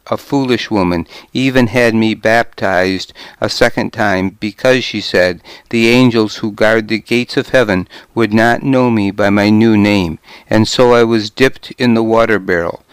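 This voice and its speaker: A male audiobook narrator with a low, smooth, resonant voice, reading first-person prose slowly and grimly. The recording is dry and close, with no room sound. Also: dry recording.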